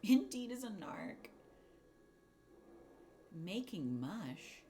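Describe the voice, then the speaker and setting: A woman's voice: mid-range voice, big pitch swings, drawn-out words, dark tone, slight background noise. A woman hosting a crafting livestream, chatting casually and rambling while she answers her chat. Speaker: livestream host.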